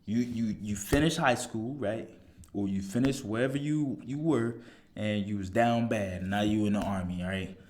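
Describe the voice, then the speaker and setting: A man's voice: fairly low pitch, moderate pace, darkish tone. A man, a soldier giving blunt, profane motivational advice in a casual monologue, full of rhetorical questions.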